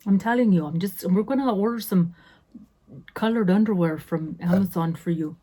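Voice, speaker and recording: A woman's voice: mid-range voice, moderate pace, dark tone. A woman in her fifties chatting casually as a beauty vlogger through an unboxing, sassy and full of self-interrupting asides. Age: 50s.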